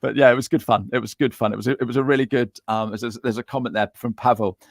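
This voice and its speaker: A middle-aged man, a guest chatting casually on a podcast and telling cheeky, animated stories. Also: medium pitch, fast talker, vocal fry, dry recording. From England. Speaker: guest, business coach.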